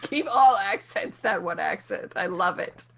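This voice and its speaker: A woman's voice: medium pitch, measured pace, a bit bright, breathy edge. A woman hosting a casual gaming podcast, chatty and upbeat as she leads the group through the segments over a video call. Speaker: podcast host.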